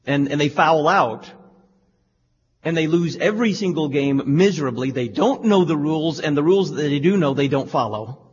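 A man's voice: fairly high pitch, expressive, normal speed, slightly rough. A male radio talk show host giving pointed, lecturing religious commentary. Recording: lo-fi studio with reverb.

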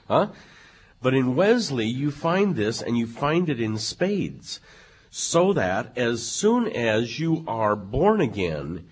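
Husky guy explaining theology, emphatic, lecture-ish, slows down to hammer points. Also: mid-range voice. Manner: emphatic, professorial, varies pace for stress. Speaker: theologian guest. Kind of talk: lecture-like conversation.

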